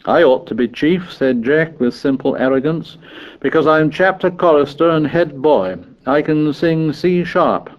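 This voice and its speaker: A man's voice: a little high, lively intonation, measured pace, lo-fi sound, pitched above the performer's own voice. A man voicing a bossy, arrogant teenage boy who leads a choir, speaking in curt commands. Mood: haughty.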